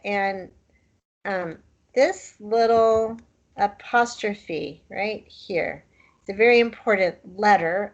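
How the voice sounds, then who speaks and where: Slow, patient woman teaching. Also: medium pitch, gravelly. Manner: patient, demonstrating sounds slowly. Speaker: language teacher. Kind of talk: slow, patient language lesson.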